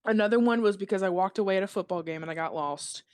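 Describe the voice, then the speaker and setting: Young woman guest rattling off stories fast, lots of cussing, super dry close sound. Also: medium pitch, smooth, no echo. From South Carolina. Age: 20s. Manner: fast, swearing, animated storytelling. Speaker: guest musician. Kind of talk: casual podcast chat.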